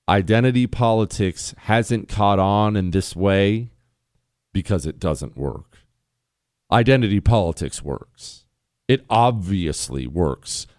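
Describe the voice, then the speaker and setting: A man's voice: mid-range voice, a little mellow, no echo, clean studio sound. A man hosting a talk radio show, speaking bluntly and sarcastically with strong emphasis. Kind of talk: opinionated talk radio monologue.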